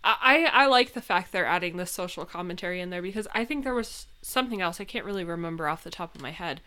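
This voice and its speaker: A woman co-hosting a casual chat, agreeable and lively, with frequent backchannels. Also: fairly low pitch, fast talker. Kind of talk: casual chat reviewing a TV episode.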